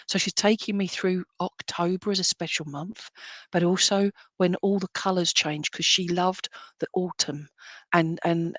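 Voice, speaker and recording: A woman's voice: lowish voice, no echo. A woman working as a spiritualist medium, giving a chatty, affectionate live-streamed reading that rambles and restarts often. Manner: chatty, affectionate, addresses people as "my lovely".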